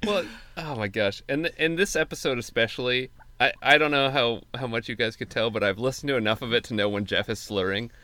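A man's voice: mid-range voice, sharp tone, smooth, dry recording. A man co-hosting a podcast in casual chat, laid-back and patiently explaining things. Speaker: podcast co-host.

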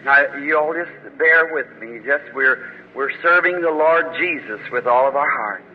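In a muffled old recording from an echoing hall, a man at a faith healing service prays fervently and gives forceful commands when rebuking. His voice is a little high, his speed normal, and there's slight background noise.

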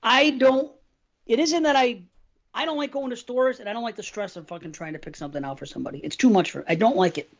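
A man's voice: very high-pitched, quick pace, dull audio. A man co-hosting a podcast, rambling in casual, heavily profane chat. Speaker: podcast co-host.

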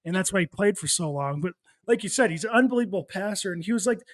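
A former hockey player as podcast guest, telling laid-back stories and swearing. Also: male voice, high-pitched, animated, quick pace. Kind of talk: casual chat.

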